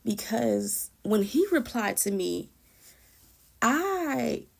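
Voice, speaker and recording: A woman with a gravelly, fry-tinged voice tells a personal testimony about prayer. She talks in an earnest, emotional, conversational way, often restarting and repeating her phrases. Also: fairly high pitch, sing-song, extremely slow. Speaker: Christian encourager sharing a prayer testimony.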